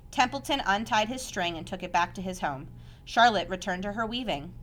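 Woman reading a children's story aloud. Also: fairly low pitch. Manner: measured, expressive storytelling. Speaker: narrator.

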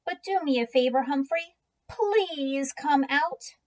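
Woman doing a middle-aged principal dad, flustered, pleading, firm, high-ish voice, storybook. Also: takes it slowly, darkish tone. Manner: pleading, then firm and coaxing.

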